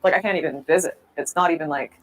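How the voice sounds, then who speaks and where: A woman's voice: deep voice, fast talker, low-quality recording. A woman giving a candid, reflective account of her time in politics, sometimes acting out what others said. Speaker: political commentator telling her story. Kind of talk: storytelling interview.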